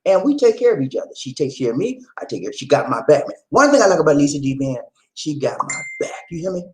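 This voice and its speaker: A man from the United States hosting a live stream, talking loud and playful, often repeating himself. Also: on the high side, very animated, fast talker, a little hiss or hum, rough recording. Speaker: host. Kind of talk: lively live-stream chat.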